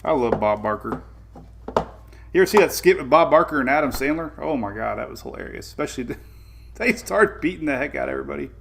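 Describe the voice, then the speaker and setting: A man's voice: medium pitch, lively intonation, fast, gravelly, a bit bright, slight background noise. A man with a Southern US accent hosting a casual weather live stream, rambling and greeting viewers by name. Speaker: weather show host.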